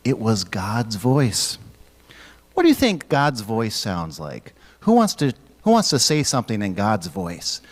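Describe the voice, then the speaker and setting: A man leading a church children's message, gently asking the kids questions and waiting for their answers. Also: fairly low pitch, huge pitch swings, measured pace. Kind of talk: children's sermon.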